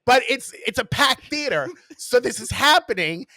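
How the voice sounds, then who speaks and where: Bright, high-voiced wry man. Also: sing-song, normal speed, no echo, clean studio sound. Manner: chatty, frank, wry, swears for emphasis. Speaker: podcast co-host. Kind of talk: casual storytelling chat.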